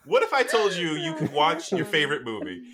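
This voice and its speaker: A man's voice: fairly high pitch, fairly quick, crowd noise. A man co-hosting a podcast in casual chat, making his points emphatically. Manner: emphatic, animated. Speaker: podcast co-host.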